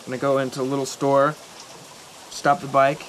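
A young man in a film telling a rambling anecdote to a friend, halting and correcting himself as he goes. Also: medium pitch, completely flat delivery, a bit bright, slight background noise, lightly acted, rough recording. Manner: halting, hesitant, self-correcting.

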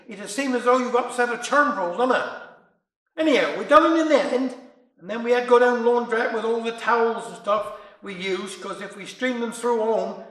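A man's voice: high-pitched, a bit bright, recorded from a distance. A man voicing a chatty, flustered older Cornish housewife, rambling in broad dialect. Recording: roomy echo.

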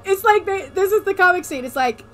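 Woman streamer, high and giggly, rambling excitedly over faint background music. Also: fairly quick. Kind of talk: casual chat.

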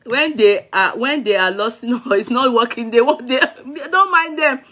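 A woman's voice: a little high, normal speed, sharp tone. A middle-aged Nigerian woman vlogging in casual chat, playful, laughing often and breaking into song. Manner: playful, sings snatches and mixes in Yoruba and Pidgin.

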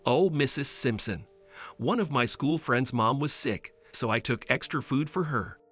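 A man's voice: medium pitch, a little slow, a bit bright, husky, faint music behind. A man voicing a sweet, sad little girl who talks in an earnest, pleading way.

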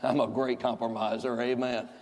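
A pastor preaching a sermon, folksy and joking, with emphatic repetition. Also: male voice, medium pitch, little pitch movement, normal speed, darkish tone. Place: large church hall. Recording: echoey church hall.

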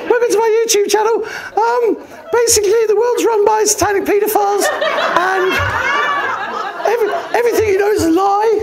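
A squeaky high YouTuber voice. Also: male voice, moderate pace, creaky, a loud crowd, heavy background noise. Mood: giddy. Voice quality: very high-pitched. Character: squeaky over-eager male YouTuber.

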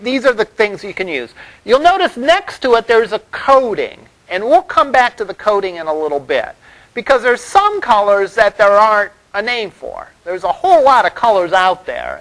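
Male instructor, lecture-hall delivery, voice on the higher side, relaxed and rambling, checks in with the class often. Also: normal speed. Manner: loose and conversational, many fillers and "all right?" check-ins. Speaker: college web development instructor.

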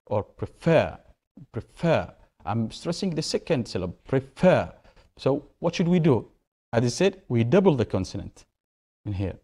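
A man's voice: medium pitch, a little mellow. A male English teacher, explaining grammar rules to a class, repeating key words and asking questions.

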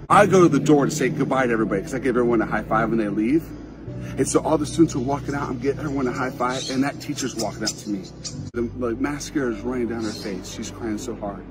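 A man's voice: medium pitch, rough recording. A man who speaks at school assemblies telling a personal story to kids in a heartfelt, encouraging way, acting out the quoted lines. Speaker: motivational speaker.

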